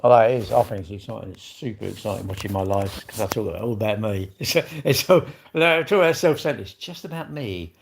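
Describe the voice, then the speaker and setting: A man with a fairly low, creaky voice talks fairly quickly with hardly any pauses, over slight background noise. Hosting a casual livestream, he rambles, jokes at his own expense and greets viewers in asides.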